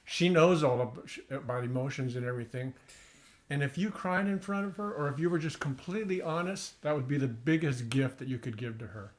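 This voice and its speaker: A man coaching an acting student, gentle and encouraging, guiding with probing questions. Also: mid-range voice, a little fast. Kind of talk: coaching feedback in acting class.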